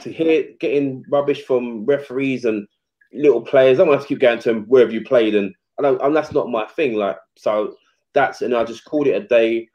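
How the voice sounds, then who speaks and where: A man's voice: mid-range voice, normal speed. A man, a retired footballer telling stories in a casual, slangy interview and acting out quoted exchanges. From England. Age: 40s. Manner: animated, slangy, acts out quotes. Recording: slightly muffled podcast audio.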